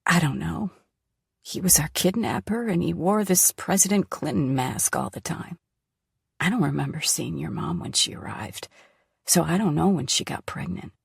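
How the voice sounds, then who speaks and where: Lady reading a weak sick woman, gravelly and breathy, halting and teary. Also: deep voice, lively intonation, dry recording, studio quality, full character voice. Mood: confessing. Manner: weak, halting, tearful confession. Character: frail sick middle-aged woman, weary and tender. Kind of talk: audiobook character voice.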